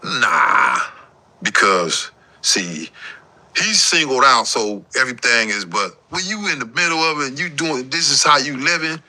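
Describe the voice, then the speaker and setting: A man's voice: mid-range voice, lively intonation, a little slow, pushed and bright. A man as a guest in a casual interview, telling his story in emphatic street slang.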